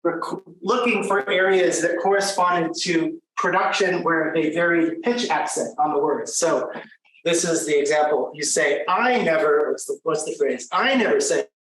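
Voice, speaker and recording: A man with a slightly high voice gives a conversational academic lecture, full of fillers and restarts. He is picked up from a distance in a very echoey room, with faint background noise. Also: fairly even intonation, normal speed, fairly bright tone.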